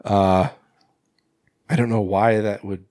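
A man's voice: lowish voice, steady tone, slow pace, darkish tone, no echo. Man, podcast co-host, rambling casual chat, frequent swearing, dry close sound. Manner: rambling, swears a lot, many fillers. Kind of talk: casual chat recapping a horror film.

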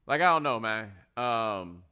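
A man's voice: fairly low pitch, a little slow, clear, resonant tone. A man hosting a live stream, talking casually in slang and acting out other people's words. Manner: animated, slangy, acts out other people in quotes. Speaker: host.

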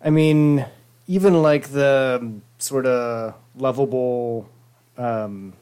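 A man in a casual movie discussion, speaking hesitantly with many ums and pauses. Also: medium pitch, dark tone, smooth. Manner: hesitant, searching for words with ums.

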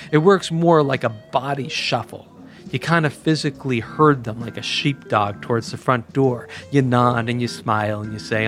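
A man telling a first-person story as a podcast host, in a conversational, wry and emphatic way. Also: mid-range voice.

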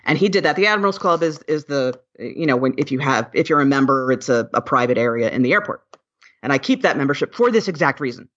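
A woman's voice: a bass voice, animated, quick pace, fairly bright tone. Earnest woman with a muffled sound. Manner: candid, earnest, emphatic with many restarts. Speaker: podcast guest. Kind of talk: casual interview chat.

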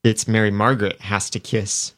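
A man's voice: lowish voice, flat delivery, moderate pace, fairly bright tone. A man co-hosting a casual podcast chat, recapping scenes in detail. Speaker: podcast co-host.

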